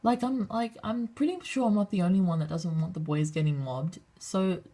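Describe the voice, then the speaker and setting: This is a young woman, chatting casually to camera in a vlog. Her voice sits low and has a husky, raspy edge, with some gravelly fry at the ends of her phrases. She rambles and swears freely, acting out the lines of everyone in her story. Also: moderate pace, mellow. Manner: rambling, swears a lot, acts out quotes. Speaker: vlogger.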